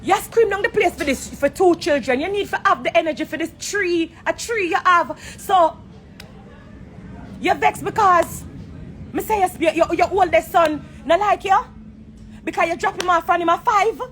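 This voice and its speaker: Jamaican woman, high-pitched, confrontational, swears freely, live from an airport on her phone. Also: normal speed, a bit bright, slight background noise. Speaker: entertainer on a social media live. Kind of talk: heated live-stream rant. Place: airport corner, indoors.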